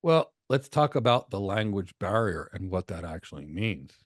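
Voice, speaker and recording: An American man hosting a live question session, talking in an animated, encouraging way and telling stories. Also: sits low, moderate pace, no room sound, studio quality. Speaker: host and instructor. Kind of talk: live Q&A webinar.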